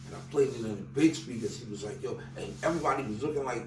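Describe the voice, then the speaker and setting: A man's voice: medium pitch, very animated, rapid-fire, hardly any pauses, reverberant, distant mic, slight background noise, rough recording. A man from Staten Island with a New York accent, telling loose, slangy stories as a rapper guest in an interview and acting out the dialogue. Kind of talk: casual interview storytelling.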